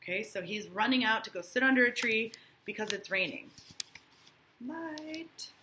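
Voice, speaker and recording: A woman's voice: medium pitch, a little fast, noisy background. A woman teacher reading a novel aloud to her class and breaking off for casual asides, often checking in with "right?".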